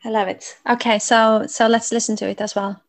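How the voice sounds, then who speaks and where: A woman's voice: a little high, level tone, fairly quick. A woman interviewing a songwriter, enthusiastic and searching for words as she asks her questions. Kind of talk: casual interview.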